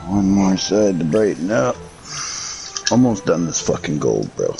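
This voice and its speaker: Low-voiced man, profane and rambling. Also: big pitch swings, a little slow, gravelly, noisy background. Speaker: streamer. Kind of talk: casual chat while painting miniatures.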